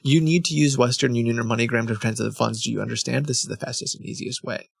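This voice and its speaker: A man's voice: mid-range voice, fairly even intonation, fast, creaky, slightly rough, dry recording, studio quality. A man reading as a reproachful lovelorn woman. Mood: insistent. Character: pleading, reproachful woman writing love letters.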